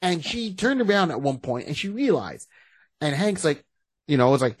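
A man co-hosting a podcast in casual chat, retelling stories in an animated way and acting out the scenes. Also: a little high, moderate pace, no room sound. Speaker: podcast co-host.

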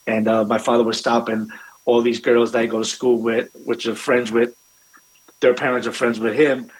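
A man who owns a restaurant tells family stories conversationally, rambling along with many fillers and restarts. His voice is medium-pitched, and the recording quality is low.

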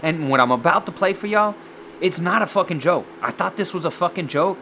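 A man chatting casually and profanely as he reacts to music, excitable and rambling. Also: high-pitched, fairly quick, a little hiss or hum. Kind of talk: casual chat.

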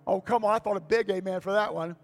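A man's voice: high voice, fast, faint music behind. An older man preaching to his congregation in a folksy manner, repeating key lines and asking for amens. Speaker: pastor. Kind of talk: sermon. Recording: long reverb of a church hall.

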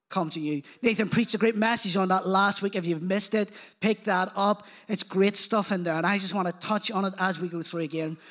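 A man preaching a sermon in church, animated and engaging the congregation, retelling scripture in casual speech. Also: high voice. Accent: non-local accent.

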